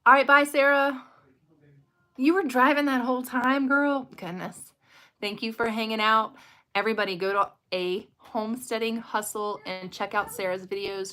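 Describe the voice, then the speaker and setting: A woman's voice: lowish voice, a bit bright, a little hiss or hum. A woman, casually chatting with viewers on a late-night livestream from home. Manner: chatty, talks directly to viewers. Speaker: livestream host.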